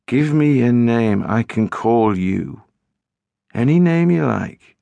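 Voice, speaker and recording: A man's voice: mid-range voice, slow, creaky, no room sound, muffled recording. A man voicing a mysterious teenage boy on the phone in an audiobook, evasive and tetchy. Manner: evasive, flat insistence turning tetchy. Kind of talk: audiobook narration.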